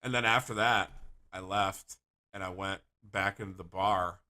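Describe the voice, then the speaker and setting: A man livestreaming, telling rambling stories to his chat in a casual, animated way and swearing freely. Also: sits low, a little slow. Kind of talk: casual storytelling to stream chat.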